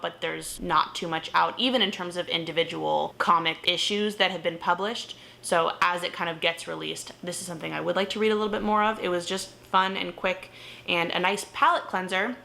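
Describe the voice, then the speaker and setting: Young woman book vlogger, bright voice, lots of fry, animated and ranty. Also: on the low side. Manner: animated, exasperated ranting with frequent laughs and swearing. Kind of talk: casual book review monologue.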